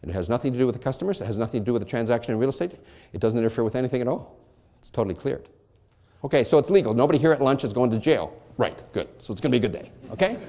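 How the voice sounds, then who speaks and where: A man's voice: mid-range voice, animated, very fast, dark tone. A middle-aged man presenting at a lunch seminar, asking questions aloud and answering them himself as if playing both sides. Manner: asks and answers his own questions, voicing both sides. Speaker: real estate brokerage presenter.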